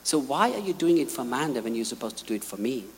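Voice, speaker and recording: The Lord, put on by a preacher, speaks softly and low, gently reproving. The voice is heard in a long-echoing hall. It stays gentle and unhurried. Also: big pitch swings, a little hiss or hum. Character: the Lord, gentle questioning male divine voice.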